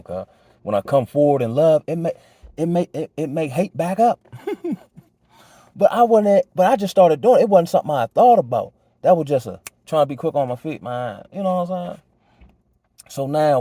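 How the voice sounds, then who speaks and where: A man's voice: medium pitch, mellow, dry recording. A man giving life advice in a casual monologue, laid-back and slang-heavy, often checking in with "you know what I'm saying". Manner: reflective and earnest. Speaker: vlogger sharing life advice.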